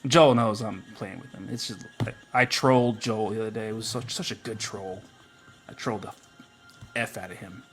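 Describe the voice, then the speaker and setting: A man's voice: lowish voice, fairly even intonation, moderate pace, soft background music. A man hosting a livestream, chatting casually and teasing a friend in a joking, playful way. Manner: teasing, joking, full of "like" fillers. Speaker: livestream host.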